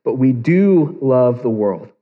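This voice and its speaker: A man's voice: medium pitch, expressive, slow, phone-quality sound. A man preaching a sermon as pastor, earnest and building to emphatic peaks. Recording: long reverb of a large hall.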